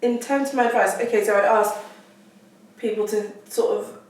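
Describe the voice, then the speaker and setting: A woman's voice: medium pitch, steady tone, normal speed, a little mellow. A woman, talking as a guest doctor and explaining things in steps with fillers. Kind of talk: casual conversation. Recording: roomy echo, distant mic.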